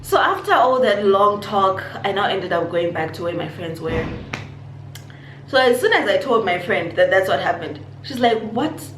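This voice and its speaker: A young woman from Zimbabwe telling a personal story on her vlog, animated and acting out what people said. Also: mid-range voice, moderate pace. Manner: animated storytelling, acts out quotes. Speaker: YouTuber. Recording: echoey room, faint noise.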